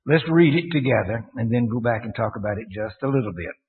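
Male preacher, mid pitch, halting with restarts, questions the congregation; lo-fi phone-like church recording with long reverb. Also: expressive. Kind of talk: sermon. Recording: tinny, echoey church recording.

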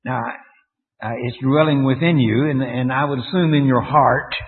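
Man preaching, halting, on a tinny line. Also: medium pitch. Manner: halting, many fillers and restarts, asks the congregation questions. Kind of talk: sermon. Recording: tinny, echoey church recording.

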